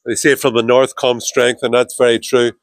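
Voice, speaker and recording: A man's voice: mid-range voice, flat delivery, normal speed, dry recording. A man with a northern Irish twang chairing a rally, introducing speakers and making a firm, declamatory speech.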